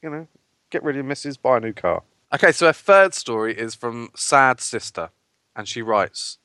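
A man's voice: mid-range voice, expressive, normal speed, pushed and bright, faint music behind. A man co-hosting a casual podcast, bantering crudely and reading listener letters aloud.

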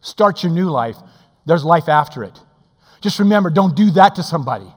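A man, preaching as assistant pastor, swinging between booming and hushed. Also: animated, moderate pace, breathy edge. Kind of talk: sermon. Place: church sanctuary. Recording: church hall reverb.

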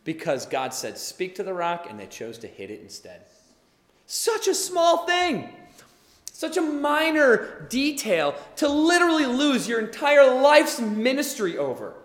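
Male preacher, high voice, lively sermon delivery, echoey hall reverb. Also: a little slow. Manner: animated, acts out quoted voices. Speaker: pastor.

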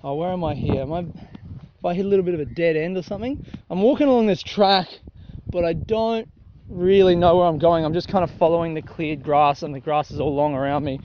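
Walking along a grassy country track, this young South Australian vlogger talks casually in a slightly high, brisk voice with fairly even intonation, cursing a lot and cracking himself up. The lo-fi recording sounds dull, with faint noise underneath.

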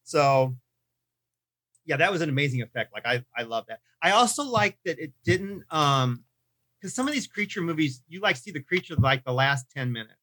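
A man co-hosting a casual film review podcast, chatty and animated, often laughing and restarting his sentences. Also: fairly high pitch, normal speed. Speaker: podcast co-host.

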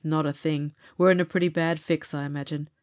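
A woman voicing a steady young male pilot and inventor, talking in a lowered, matter-of-fact way. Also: fairly quick, natural voice. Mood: grim.

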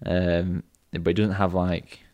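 A man's voice: deep voice, level tone, takes it slowly, darkish tone. A man co-hosting a casual golf chat, teasing his co-host and reading out stats. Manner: teasing, reads stats aloud, laughs often. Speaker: podcast co-host.

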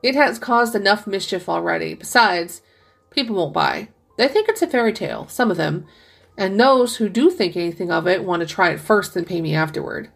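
A woman voicing a weary old soldier in a story reading, speaking slowly and solemnly. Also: medium pitch, big pitch swings, vocal fry, breathy edge, soft background music, full character voice. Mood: grave. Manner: grave, slow and solemn. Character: grave, weary old soldier, a sergeant major.

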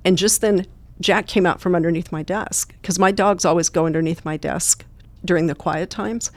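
A woman's voice: fairly low pitch, steady tone, normal speed, dry recording. A woman guest who trains therapy dogs, telling earnest, plain-spoken stories in an interview. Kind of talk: storytelling interview answers.

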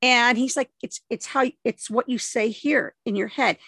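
A woman's voice: a little high, normal speed, creaky, fairly bright tone, no echo. A woman hosting an interview podcast, supportive and agreeing often in casual chat. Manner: supportive, frequent agreeing backchannels. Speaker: podcast host.

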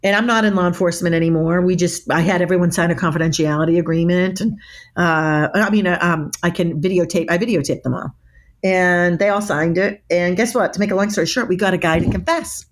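A woman's voice: lowish voice, brisk. A middle-aged woman, a body language expert, telling stories emphatically in an interview and often restarting her words. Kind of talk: animated interview storytelling.

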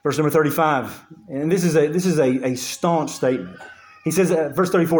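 A man preaching a sermon as pastor, earnest and emphatic, often restarting his phrases and reading scripture aloud in a lowered voice. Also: a little fast, darkish tone.

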